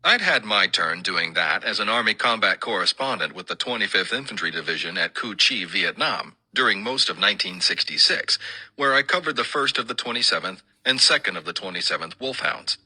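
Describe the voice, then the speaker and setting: Husky older man reading a wry memoir. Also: lowish voice, animated, fairly quick, pushed and bright, rough recording. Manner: dry, wry storytelling. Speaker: author reading his memoir. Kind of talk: first-person memoir reading.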